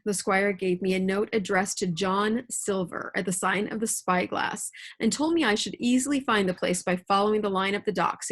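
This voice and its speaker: A woman teacher reading a classic novel aloud to her students at home in a clear, steady storytelling voice. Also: mid-range voice. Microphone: computer mic.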